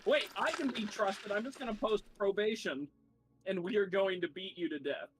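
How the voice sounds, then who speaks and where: A young man playing in a tabletop game, chatting and joking loudly with the group. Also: sits high, normal speed, music in the background. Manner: joking, boisterous. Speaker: player. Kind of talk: casual chat.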